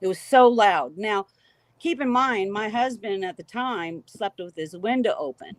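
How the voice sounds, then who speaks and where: A woman guest recounting a frightening encounter in an animated, emphatic way, repeating key phrases. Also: mid-range voice, a little slow, no room sound. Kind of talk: emotional storytelling.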